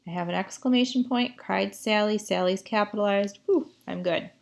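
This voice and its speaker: Slow and explanatory, a woman with a gravelly mid-range voice teaches writing by reading sentences out and asking her class what to correct, questioning the students as she goes.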